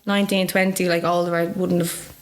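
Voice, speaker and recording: A woman's voice: fairly quick, slight background noise. A woman in her thirties with a Dublin accent, a guest telling a personal story candidly, acting out the voices of others and laughing with her nerves. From Ireland. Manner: animated, acts out voices with big pitch jumps, laughs nervously.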